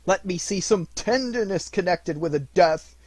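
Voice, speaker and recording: A man's voice: high-pitched, lively intonation, moderate pace, darkish tone, no echo, pitched above the performer's own voice. A man reading an audiobook, voicing an old male miser who urgently begs a spirit. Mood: pleading. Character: pleading old miser, man, shaken by death.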